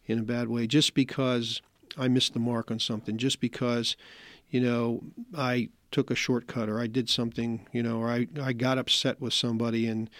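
A middle-aged man speaks in a steady, rather flat tone, pausing to search for his words as he reflects. His voice sounds dry and close to the mic. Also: mid-range voice, no echo. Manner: thoughtful, hesitant, searching for words. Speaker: host of a scripture reflection. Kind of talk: casual reflective talk.

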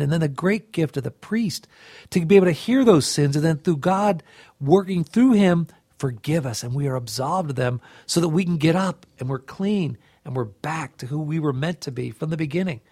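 Gravelly middle-aged man, earnest. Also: on the high side, moderate pace, warm tone, no room sound, studio quality. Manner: earnest and heartfelt, with frequent restarts. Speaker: co-host of a faith reflection show. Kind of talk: devotional reflection.

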